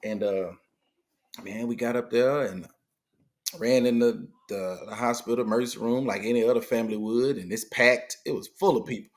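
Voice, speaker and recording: At a medium pitch and normal speed, a middle-aged male guest tells a story in relaxed conversation. His retelling is lively, and he voices the characters whose words he quotes.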